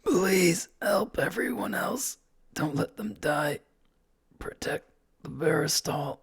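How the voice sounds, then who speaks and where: A man's voice: high-pitched, expressive, slow pace, pitched above the performer's own voice, exaggerated voice. A man voicing a wounded man near death, speaking in a weak, wheezing whisper. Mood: pleading. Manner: whispered, breathy pleading. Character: dying wounded man, barely able to speak.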